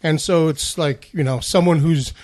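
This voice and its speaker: Slightly high-voiced man, hesitant chat. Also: moderate pace, darkish tone. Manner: hesitant, full of "like" and "you know". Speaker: podcast co-host. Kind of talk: casual chat.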